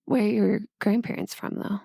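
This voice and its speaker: Gravelly-voiced woman podcast co-host. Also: medium pitch, level tone, moderate pace, warm tone, no room sound, clean studio sound. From Northern Virginia. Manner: chatty, laughs often. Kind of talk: casual chat.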